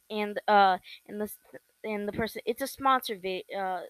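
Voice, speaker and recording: A woman's voice: medium pitch, fairly even intonation, a bit bright, clean tone, no echo, poor audio. Rambling young woman podcaster. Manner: rambling, halting with many fillers and restarts. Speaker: podcast host. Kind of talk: casual solo podcast chat.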